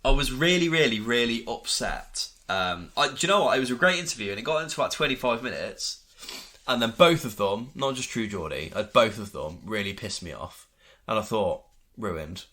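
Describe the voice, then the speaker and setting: Lively man with a bright voice. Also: medium pitch, a little fast. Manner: heated ranting and swearing, quoting others in mocking voices. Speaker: podcast co-host. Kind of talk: casual chat.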